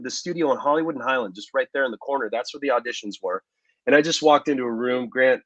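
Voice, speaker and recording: Relaxed man telling stories in an interview. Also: medium pitch, no room sound, low-quality recording. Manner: relaxed storyteller, frequent fillers and asides. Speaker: actor, interview guest. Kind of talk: casual interview storytelling.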